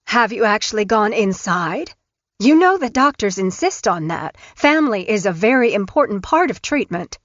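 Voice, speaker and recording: A woman's voice: mid-range voice, very animated, moderate pace, fairly bright tone, no room sound. A woman voicing a persistent, suspicious grandmother who presses with blunt questions, in an audiobook. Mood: confronting. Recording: dull, dry studio recording.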